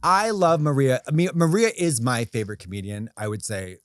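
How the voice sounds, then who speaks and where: A man's voice: medium pitch, fairly quick, no echo, studio quality. A man co-hosting a comedy podcast, telling rambling stories in casual chat. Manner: rambling, animated, full of acted-out quotes and laughs. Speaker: podcast co-host.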